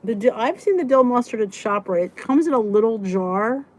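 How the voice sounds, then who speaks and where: A woman's voice: on the high side, animated, moderate pace, darkish tone. A middle-aged woman hosting a casual weight-loss live stream, chatting and answering viewers' comments as she goes. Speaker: weight-loss vlog host reading live chat.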